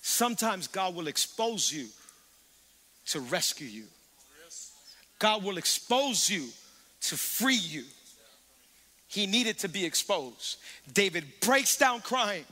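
A man pastor preaching a sermon, animated, calling on the congregation to respond. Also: high voice, takes it slowly. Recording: reverberant church hall.

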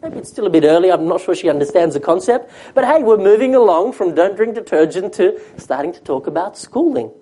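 A man's voice: high-pitched, big pitch swings, fairly quick, hardly any pauses, warm tone, husky. A man preaching a sermon as a pastor, talking conversationally and asking the congregation questions.

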